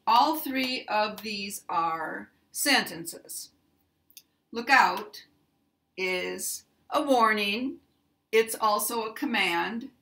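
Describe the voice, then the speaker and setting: An American woman teaching pronunciation, speaking deliberately and repeating example sentences with clear stress. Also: medium pitch, fairly bright tone.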